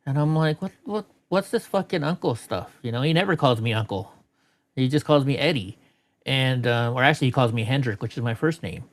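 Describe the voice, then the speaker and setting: A man's voice: mid-range voice, a little fast. A middle-aged man chatting casually on a live stream, rambling and swearing, often laughing at clips. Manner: rambling, profane, laughs a lot. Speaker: streamer host.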